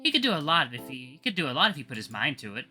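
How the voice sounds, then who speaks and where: A man's voice: on the high side, sing-song, very fast, bright, forceful tone, heavily acted. A man voicing a guarded, distant young woman who answers curtly. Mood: cold.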